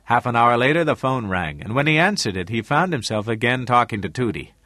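Male audiobook narrator, slow steady read, bright tone, dry close sound. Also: mid-range voice, no room sound. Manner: measured storytelling.

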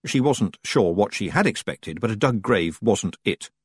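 Brief: male audiobook narrator, husky tone, dry close sound, very lively pitch. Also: moderate pace, no echo. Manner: expressive, wide-ranging delivery. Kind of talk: storybook narration.

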